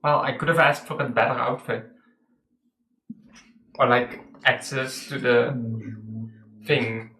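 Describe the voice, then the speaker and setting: A man's voice: medium pitch, fairly even intonation, slow, pauses often, bright, forceful tone. A man playing a tabletop game, speaking tentatively and trailing off. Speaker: player. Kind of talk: tabletop role-play. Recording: roomy echo.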